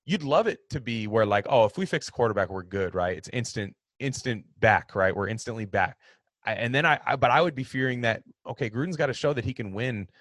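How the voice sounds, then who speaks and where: A man's voice: medium pitch, fairly bright tone, no echo. A man hosting a casual sports talk show, giving rambling, opinionated takes on football with frequent restarts. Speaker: sports podcast host.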